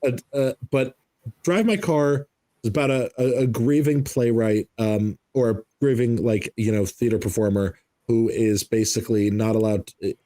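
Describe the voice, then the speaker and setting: A man's voice: mid-range voice, normal speed, dark tone, no echo. A man hosting a podcast in casual chat, enthusiastic and swearing freely. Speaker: podcast host.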